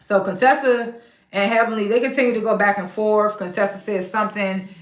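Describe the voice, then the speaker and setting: A woman's voice: mid-range voice, steady tone, a little fast. A woman hosting a casual recap of a reality show, chatty and laughing often as she retells the scenes. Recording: roomy echo.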